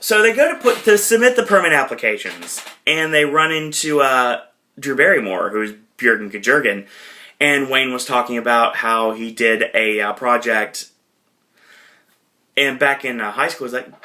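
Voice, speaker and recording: Man, podcast host, casual recap, rambling, bright tense voice, mid pitch. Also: lively intonation. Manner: rambling, lots of fillers, slipping into quick impressions.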